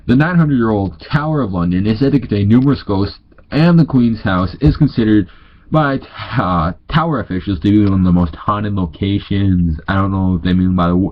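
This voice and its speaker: A man's voice: lowish voice, dull audio. A tired young man from North Dakota with a stuffy nose, reading ghost stories aloud, stumbling over words and correcting himself. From North Dakota, USA. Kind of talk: casual read-aloud with asides.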